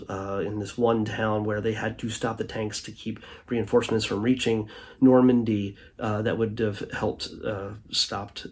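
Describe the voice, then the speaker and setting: A man hosting a casual commentary show, rambling with many fillers and restarts, often trailing off quietly at the end of a thought. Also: lowish voice, slightly rough. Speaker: host reviewing a streaming documentary.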